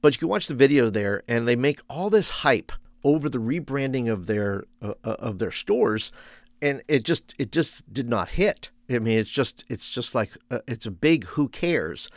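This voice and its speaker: A man in the middle of the usual pitch range hosts a solo podcast, coaching listeners in a loose, conversational way. He stumbles and restarts often and drops in plenty of fillers. The sound is close and dry, with no room around it. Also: no room sound. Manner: conversational, many fillers and restarts, laughs at own stories. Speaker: youth ministry coach and podcast host. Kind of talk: podcast monologue.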